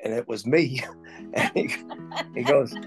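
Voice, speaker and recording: Faint music plays behind a man with a medium-pitched voice speaking at a measured pace. In his sixties and retired from stunt riding on motorcycles, he reminisces casually and folksily, laughing at his own tales.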